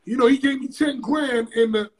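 A man guest in an interview, telling a story in a casual, profane, animated way with sudden loud bursts. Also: extremely high pitch, moderate pace, background noise.

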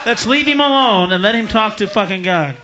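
High-voiced ranting stand-up comic. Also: male voice, animated, fairly quick, muffled recording, slight background noise. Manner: profane, ranting, shouting punchlines. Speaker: stand-up comedian. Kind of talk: stand-up comedy routine.

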